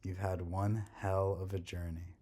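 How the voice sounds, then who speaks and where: A man vlogging his long-distance hike in a casual, wry, deadpan way, talking outdoors on a forest trail. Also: deep voice, unhurried, husky. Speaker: long-distance hiker filming his trek. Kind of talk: casual hiking vlog narration.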